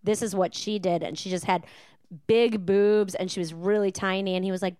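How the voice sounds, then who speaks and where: A woman tells server stories on a podcast, bouncing her voice around as she imitates customers and laughs often. Her voice sits at an ordinary middle pitch. The sound is close and dry, with no room around it. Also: a little fast, no room sound. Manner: animated storyteller, mimics customers, laughs often. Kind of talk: casual chat.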